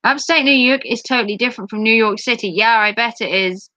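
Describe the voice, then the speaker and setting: A woman's voice: a little high, a little fast, pushed and bright, no room sound, muffled recording. A woman from England with a Norfolk accent, chatting casually on a livestream and answering her chat aloud. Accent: Norfolk English.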